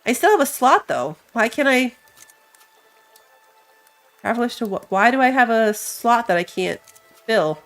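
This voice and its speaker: A woman's voice: fairly high pitch, very animated, measured pace, long pauses. Stuffy-nosed woman playing a game. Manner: thinks aloud, reads game text, laughs at herself. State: stuffy from allergies. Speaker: gamer. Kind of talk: casual let's-play commentary. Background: game music.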